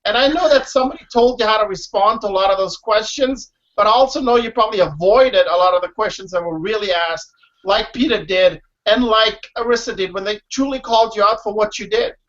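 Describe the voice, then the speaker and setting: In a dull, lo-fi recording, a man appears as an interview guest, a former reality show contestant who speaks emphatically and often says "listen" and "you know what I mean." His voice sits high, a bit bright, and fairly quick.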